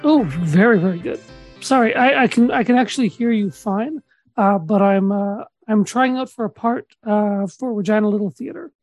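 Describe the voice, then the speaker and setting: A man from Saskatchewan co-hosting a comedy podcast, deadpan and halting with many restarts. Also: high voice, dry recording, faint music behind. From Saskatchewan, Canada. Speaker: podcast co-host.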